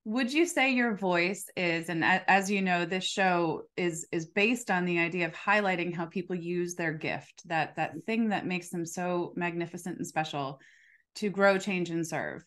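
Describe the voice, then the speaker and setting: A woman's voice: lowish voice, measured pace, a bit bright. A woman hosting a podcast interview, asking her guest encouraging questions in a casual way. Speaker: podcast host.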